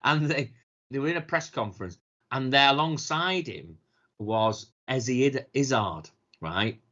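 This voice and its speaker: A man chats as a podcast co-host, spinning sweary anecdotes and slipping into the voices of the people in them. His voice sits at a middling pitch. The recording is muffled and lo-fi. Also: animated, measured pace, sharp tone. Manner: sweary storytelling, mimics quoted people. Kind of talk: casual chat. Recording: dull lo-fi sound.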